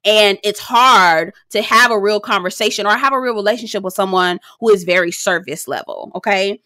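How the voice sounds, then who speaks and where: A woman, sassy and animated, recapping a reality show in a casual vlog, swearing freely. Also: moderate pace, dry recording, clean studio sound. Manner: sassy, animated, swears freely, slips into high-pitched impressions.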